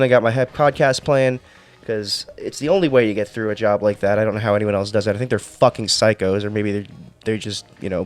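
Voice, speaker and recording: A man vlogger telling a work story in a rambling, exasperated rant full of swearing and restarts. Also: medium pitch. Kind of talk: casual ranting storytime.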